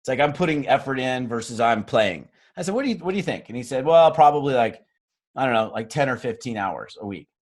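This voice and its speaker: A man's voice: mid-range voice, fairly quick. A middle-aged man giving a motivational training talk to a sales team, telling stories and acting out the dialogue with joking, self-mocking asides. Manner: animated storyteller acting out dialogue, jokey asides. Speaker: network marketing trainer.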